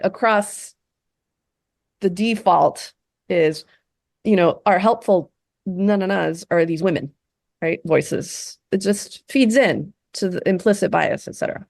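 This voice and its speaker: Woman, low voice, gravelly, casual group talk, lots of fillers, dry close sound. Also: no echo. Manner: conversational, many fillers and tag questions. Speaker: meditation session leader.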